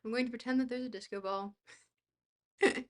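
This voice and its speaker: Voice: medium pitch, steady tone, fairly quick. A young adult streamer in casual chat, reading messages aloud and answering them in a dry, joking, rambling way.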